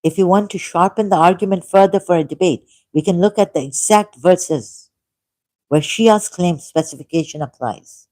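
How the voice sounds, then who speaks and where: Low, mellow-voiced woman reading aloud. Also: no echo. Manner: apologetic asides, reads slowly and deliberately. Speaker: channel host. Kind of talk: reading aloud and commenting, casual vlog. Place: dim room.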